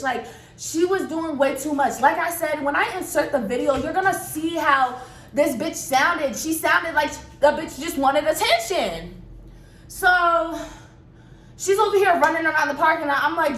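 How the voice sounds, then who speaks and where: A young woman in her twenties tells a storytime vlog with a high voice. She talks bluntly and profanely and stays animated. The room gives her voice a roomy echo with a faint hiss behind it. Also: normal speed. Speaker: vlogger.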